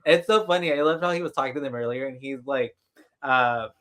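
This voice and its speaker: A man's voice: medium pitch, brisk, fairly bright tone, clean tone. A man co-hosting a podcast over a video call, recapping a horror movie in rambling casual chat with lots of fillers and restarts. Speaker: podcast co-host.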